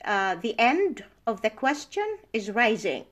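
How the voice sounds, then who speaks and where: A middle-aged woman whose first language is Arabic, giving a university lecture and explaining language points through slow worked examples. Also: on the high side, sing-song, a bit bright. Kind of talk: recorded lecture.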